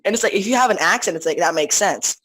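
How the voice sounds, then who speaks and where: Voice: mid-range voice, expressive, fast, fairly bright tone, breathy edge, dry recording, poor audio. A teenager chatting casually as a podcast co-host, rambling with lots of restarts and fillers. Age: teens. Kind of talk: casual chat.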